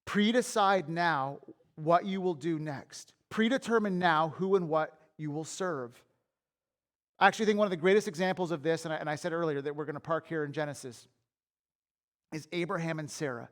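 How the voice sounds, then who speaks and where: A man's voice: fairly high pitch, moderate pace, fairly bright tone. A man preaching a sermon as pastor in a church, telling candid personal stories in a conversational way and repeating words as he builds a point. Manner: repeats and restarts words when worked up.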